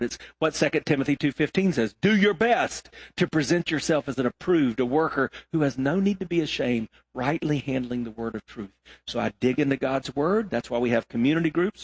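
A middle-aged man preaching a sermon as pastor, emphatic, swinging between loud exhortation and quiet asides. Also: medium pitch, husky, dry recording.

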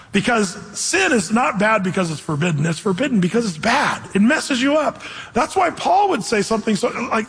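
A man preaching a sermon in church, animated, acting out the voices he quotes. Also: high-pitched, breathy edge, in a large hall. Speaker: pastor.

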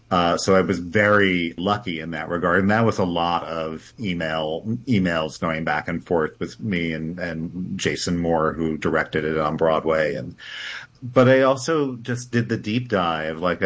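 A man's voice: deep voice, unhurried, a bit bright. A man, a theater director, answering interview questions in a chatty way, laughing often and restarting his sentences.

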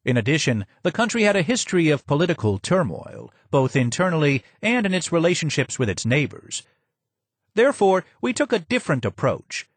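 A man narrating a memoir audiobook in an expressive reading with strong emphasis. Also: fairly high pitch, a little fast, no echo.

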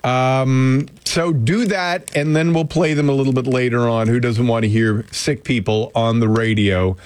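A man's voice: mid-range voice, fairly even intonation, a little slow, clear, resonant tone. A man hosting a casual radio show, rambling and chatty, poking fun at himself as he talks to listeners and co-hosts in a studio. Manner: rambling, chatty, self-deprecating. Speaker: radio host. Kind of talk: casual morning radio chat. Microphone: studio microphone.

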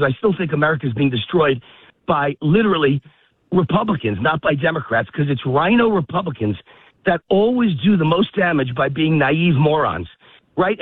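A high-voiced man calls in from a park walk, out of breath and heated. His voice is husky and comes through a tinny phone line. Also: no room sound. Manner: fast, heated ranting with rising emphasis. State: out of breath, walking a dog. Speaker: guest commentator. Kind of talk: political talk radio interview. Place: outdoors in a park, walking. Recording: phone-line call, dry.

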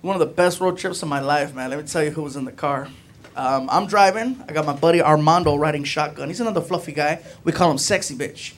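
A young man with a high, light voice tells a rambling stand-up story, jumping into excited impressions of his friends and a police officer. The live club recording is thick with background noise. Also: quick pace. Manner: animated, acts out friends and a cop in raised voices. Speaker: stand-up comedian.

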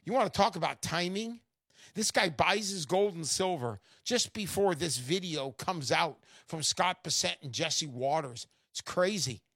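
A man hosting a call-in radio show, brash and salesy, turning loud for emphasis. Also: on the high side, animated, measured pace, no echo, studio quality.

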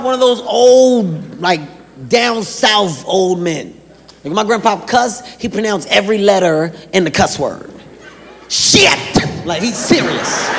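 A male stand-up comedian telling stories on stage, animated and often laughing through his own jokes. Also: sits high. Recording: live club, crowd noise, long reverb.

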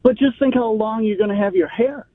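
A man's voice: sits high, fairly even intonation, a little fast, no echo. A man calling into a radio show, joking dryly and speaking matter-of-factly. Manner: dry joking, matter-of-fact. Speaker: caller. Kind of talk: call-in radio chat. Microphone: telephone. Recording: tinny phone line.

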